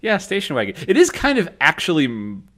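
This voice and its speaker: A man co-hosting a casual podcast chat, slangy and animated, often acting out characters' lines. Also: fairly high pitch, a little fast. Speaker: podcast co-host.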